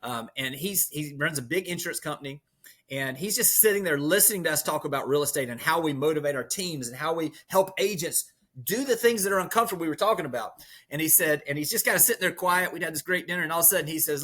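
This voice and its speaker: Guy on a podcast, kinda husky, upbeat storytelling with lots of metaphors. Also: on the high side, fast. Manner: energetic storyteller who uses metaphors. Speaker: podcast guest, real estate leader. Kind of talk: motivational conversation.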